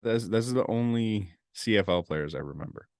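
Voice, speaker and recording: Male podcast co-host, opinionated and lively, dry close mic. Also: on the low side, brisk, dry recording. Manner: blunt and opinionated, laughs often. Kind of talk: casual sports chat.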